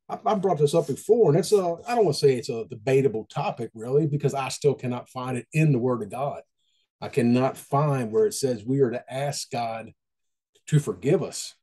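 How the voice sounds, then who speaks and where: In a mellow, relaxed voice, a man delivers a casual devotional talk. His manner is folksy and conversational, he keeps circling back to repeat his points, and his pitch stays in an ordinary middle range.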